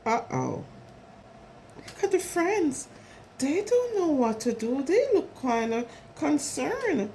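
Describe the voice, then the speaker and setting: Woman reading a kids' story out loud, high voice, slow, bouncy, stops to talk about the pictures. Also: a little hiss or hum. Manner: animated, chatty, commenting on the pictures. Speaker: storyteller for preschoolers. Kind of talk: reading a picture book aloud.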